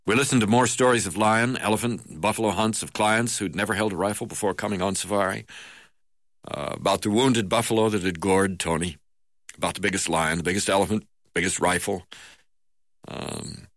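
Man, memoir narration, very low voice, halting with fillers, dry close mic. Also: fairly even intonation, fairly bright tone, no room sound.

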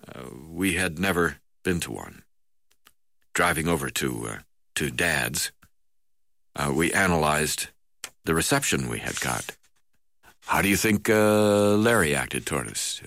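A man narrating a memoir in the first person, halting now and then with "uh" fillers. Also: deep voice, fairly bright tone, no echo, clean studio sound.

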